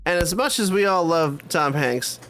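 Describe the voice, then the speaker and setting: A man's voice: fairly high pitch, expressive, normal speed, fairly bright tone. A man co-hosting a casual podcast chat, joking and rambling with frequent fillers. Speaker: podcast co-host.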